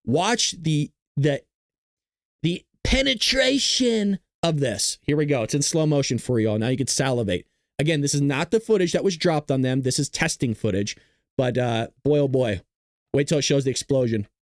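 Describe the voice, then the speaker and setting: A man hosting a live-streamed political news show, excitable and joking, arguing straight back at his chat. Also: mid-range voice, brisk, no echo, clean studio sound. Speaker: livestream news host.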